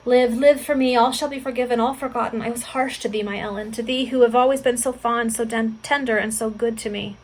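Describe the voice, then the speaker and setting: A woman's voice: a little high, steady tone, brisk, hardly any pauses, close to an everyday voice, low-quality recording. Woman reading as an anguished old father. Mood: pleading. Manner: anguished, pleading outbursts. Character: heartbroken old father, stern yet tender. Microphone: video call.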